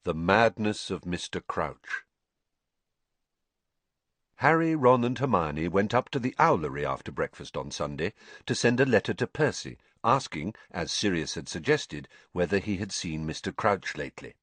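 A man reading a children's novel aloud as an audiobook narrator, expressive storytelling. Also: deep voice, normal speed, dry recording. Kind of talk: scripted narration.

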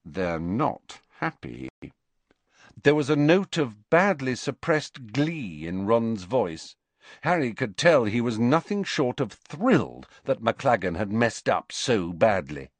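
A man narrating a storybook in an expressive, animated way. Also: mid-range voice, a little slow, no room sound. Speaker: audiobook narrator. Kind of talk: storybook reading.

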